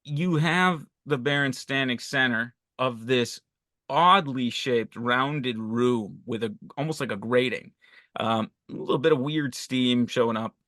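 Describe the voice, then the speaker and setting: A man's voice: mid-range voice, bright, forceful tone, dry recording. Dry-voiced man analyzing a film. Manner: thoughtful, analytical, halting with fillers. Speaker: podcast co-host. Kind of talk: casual film discussion.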